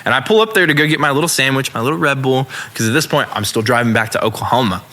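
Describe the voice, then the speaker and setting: A young adult man, a musician guest on a podcast, telling stories in a casual, profane, animated way and acting out voices. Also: medium pitch, rapid-fire. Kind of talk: casual storytelling.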